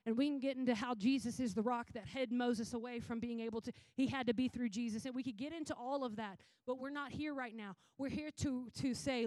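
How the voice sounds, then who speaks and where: A woman preacher giving a sermon and telling the stories in an animated, casual way with slang. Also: on the high side, fairly quick, few pauses, no echo.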